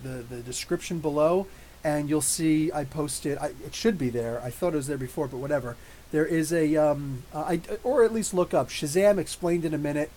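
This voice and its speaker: Male streamer, slightly higher voice, excitable and rambling, many restarts, live review chat. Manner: reads and answers live chat comments. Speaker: YouTube comics channel host.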